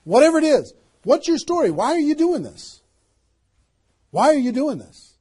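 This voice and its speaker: A man giving a motivational seminar talk as a network marketing trainer, energetic and emphatic, firing rhetorical questions at a live audience. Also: very high-pitched, normal speed.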